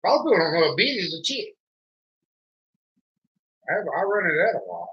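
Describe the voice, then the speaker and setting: His voice is high-pitched and animated, moving a little fast, as he hosts a homesteading show. He's a man with a thick Southern US accent from rural North Carolina, chatting casually in a drawling, folksy manner over dull lo-fi audio.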